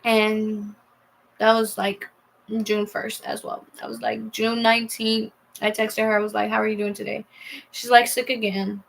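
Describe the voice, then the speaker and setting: A young woman telling a personal story in a casual vlog, rambling and halting as she reads out old texts. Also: mid-range voice, level tone, creaky, low-quality recording. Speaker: vlogger.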